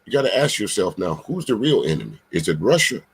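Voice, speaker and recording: A man hosting casual commentary, rambling and searching for words in a husky voice. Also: low voice, big pitch swings, fast. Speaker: host.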